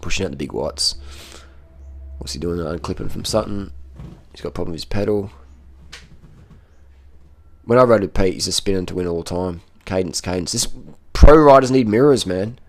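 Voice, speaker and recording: A man's voice: sits low, normal speed, gravelly, long pauses, a little hiss or hum. A man giving casual running commentary on race footage as a cycling vlogger, blunt and profane, repeating short phrases.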